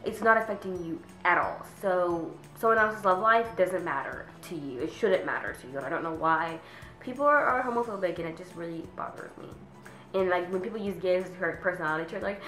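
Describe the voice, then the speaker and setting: A teenage girl venting about her pet peeves in a casual vlog, chatty, with lots of "like", sometimes mimicking people in a higher voice. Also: lively intonation, moderate pace, a bit bright, echoey room, soft background music, poor audio. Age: teens. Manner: chatty, says "like" constantly, acts out quoted people in a higher voice. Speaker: vlogger.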